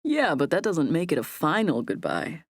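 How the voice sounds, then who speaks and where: A woman reading a gentle young boyfriend, low and dry, reassuring. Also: moderate pace, no echo, lightly acted. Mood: tender. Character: tender young man, warm and teasing.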